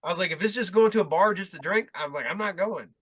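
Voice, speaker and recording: Higher-voiced man telling a rambling story. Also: a little fast, fairly bright tone, breathy edge. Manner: rambling storyteller who acts out quotes and swears casually. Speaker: podcast host. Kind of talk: casual chat.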